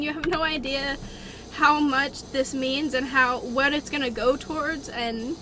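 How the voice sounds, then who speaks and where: A woman's voice: high voice, steady tone, a little slow, sharp tone, slight background noise. A young woman streamer thanking her viewers, crying and effusive. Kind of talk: live stream chat.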